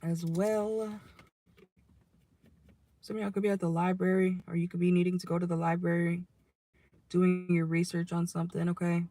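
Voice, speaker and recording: A young adult tarot reader speaking in a voice that is going hoarse, recorded on a phone inside a car. The delivery is loose and chatty, full of asides, with a questioning "okay?" tacked onto most phrases. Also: medium pitch, little pitch movement, moderate pace, pauses often, mellow, dry recording. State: losing voice, hoarse. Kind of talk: casual tarot reading to viewers.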